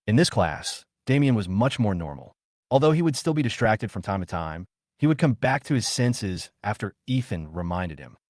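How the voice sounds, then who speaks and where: A man narrating a comic story recap in a steady, scripted read. His voice sits on the low side yet rises and falls a lot. The sound is dry and close, with no room in it. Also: no echo.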